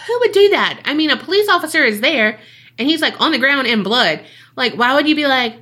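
A woman spins a true-crime tale for her podcast, her voice bright and sharp and sitting a little high. She swears freely, jokes along the way and slips into the voices of the people in her story. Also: animated, brisk, slightly rough. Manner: profane, jokey, acts out quoted people. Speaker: podcast co-host telling a case.

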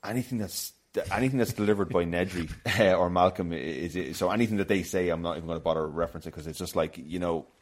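A man's voice: deep voice, fast, hardly any pauses. A man hosting a casual film podcast, chatty and loose, often laughing. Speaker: podcast host.

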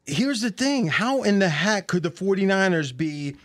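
A man hosting a sports betting podcast, telling stories with lots of laughter and quick restarts. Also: high-pitched. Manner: animated storyteller, laughs often. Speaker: podcast host. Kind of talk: casual sports betting chat.

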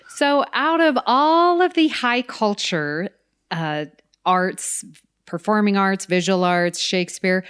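A woman co-hosts a chatty podcast, speaking slowly and unhurriedly. Her voice is smooth and clear, with an enthusiastic, giggly manner. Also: mid-range voice. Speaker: podcast co-host. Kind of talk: casual chat.

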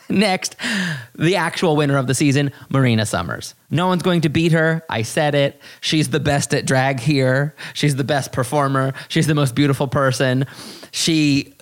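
A man hosting a podcast, talking in animated, exasperated, profane bursts that leap up high. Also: measured pace. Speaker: podcast host. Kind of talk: casual podcast commentary.

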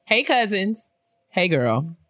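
A woman co-hosting a casual podcast, reading listener emails aloud with lots of laughter and sudden jumps in pitch when she gets excited. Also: slow, no room sound, studio quality. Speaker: podcast co-host.

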